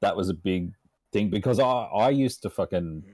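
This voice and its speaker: A young Australian man talks on a podcast in a very low, gravelly-deep register, recorded close and dry. He chats loosely, laughs a lot, swears constantly and keeps stopping to restart his sentences. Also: lively intonation, normal speed, a little mellow, no echo. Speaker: podcast guest, meme page runner. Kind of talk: casual chat.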